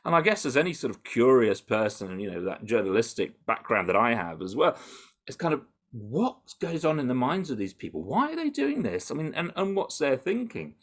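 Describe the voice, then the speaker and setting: A British man answering interview questions in an animated, conversational way, with frequent restarts and fillers. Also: medium pitch, a little fast. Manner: animated, full of restarts and "you know". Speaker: campaigner interviewed about undercover research.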